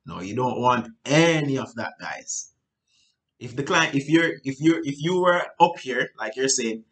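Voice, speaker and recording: A man's voice: lively intonation, measured pace, a bit bright. Man coaching sales, casual and repetitive. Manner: loose, repetitive, frequent "right?" and restarts; acts out client dialogue with big pitch jumps. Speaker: sales trainer. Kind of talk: casual instructional talk.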